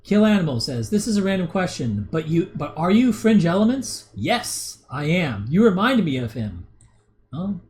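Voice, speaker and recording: Rambling man in his thirties, lively pitch. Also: moderate pace, slight background noise. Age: 30s. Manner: rambling, with many restarts and chuckles. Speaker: livestream host. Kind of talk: casual livestream chat reading viewer comments.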